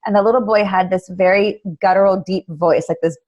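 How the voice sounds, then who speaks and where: A woman guest on a podcast interview, telling stories in an animated way. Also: mid-range voice, a little fast, lo-fi sound. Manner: animated storyteller. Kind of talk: conversational interview.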